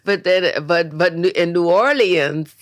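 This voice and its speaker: An older woman from Louisiana with a Southern accent, a guest recalling her life in a relaxed, storytelling way. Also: lowish voice, a little slow, dry recording. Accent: Southern American. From Louisiana, USA. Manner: storytelling, warm endearments like "baby". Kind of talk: reflective conversation.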